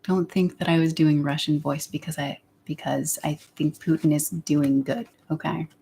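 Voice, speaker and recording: A woman's voice: deep voice, fairly even intonation, normal speed, gravelly, mellow, husky. A young woman chatting candidly on her livestream, rambling and sometimes dropping into a whisper. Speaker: YouTuber. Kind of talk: casual livestream chat.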